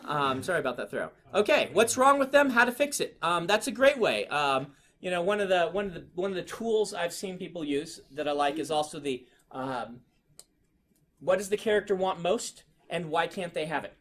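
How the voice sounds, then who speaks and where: A man's voice: high-pitched, animated, normal speed, a bit bright. A man leading a writing class in a classroom, chatting casually with students and using many fillers. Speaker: writing instructor. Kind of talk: classroom lecture and discussion.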